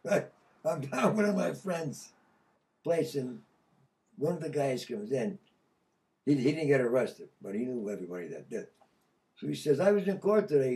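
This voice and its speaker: An older man from Connecticut telling a story casually, profane and animated, laughing mid-sentence. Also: medium pitch, distant mic. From Connecticut, USA. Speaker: podcast guest.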